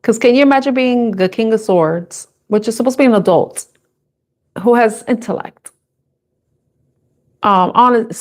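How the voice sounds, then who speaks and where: A young adult woman doing a live intuitive tarot reading, chatty and casual, laughing often and swearing freely. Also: mid-range voice. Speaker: tarot reader.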